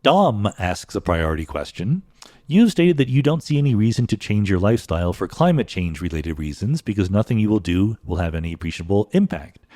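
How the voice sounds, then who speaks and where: Middle-aged male podcast host, low voice, animated delivery, chatty explainer. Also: fairly quick. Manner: thoughtful, conversational explaining with frequent fillers. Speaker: podcast host answering listener questions. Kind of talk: solo podcast monologue.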